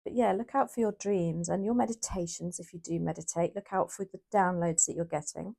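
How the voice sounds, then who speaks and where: A woman's voice: on the low side, steady tone, brisk, creaky, dark tone. A woman giving a casual, chatty tarot reading to her viewers, often correcting herself as she thinks aloud. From United Kingdom. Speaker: tarot reader.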